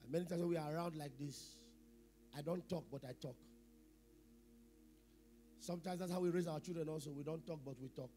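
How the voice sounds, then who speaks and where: A middle-aged man preaching a sermon as pastor, asking the congregation questions, repeating phrases, and swinging between loud emphasis and quiet asides. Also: on the high side, steady tone, brisk, long pauses, faint music behind.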